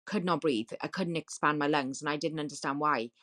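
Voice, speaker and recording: Low-voiced woman telling her story. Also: brisk, fairly bright tone. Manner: vivid, repetitive retelling with quoted dialogue. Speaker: guest. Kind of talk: personal storytelling in a podcast interview.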